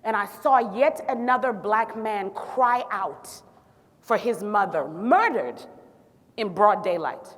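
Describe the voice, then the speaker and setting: A woman from Zimbabwe, a physician, telling her story in a public talk with sassy, animated asides to the audience. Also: medium pitch, slow pace. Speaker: physician and city health director speaking on stage. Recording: long reverb of a large hall.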